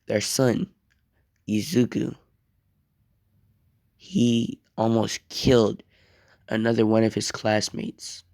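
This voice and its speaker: A young man rambles through an improvised fan-fiction story in a casual, profane way. His lowish voice has a gravelly edge and is a little mellow, recorded close and dry with no echo.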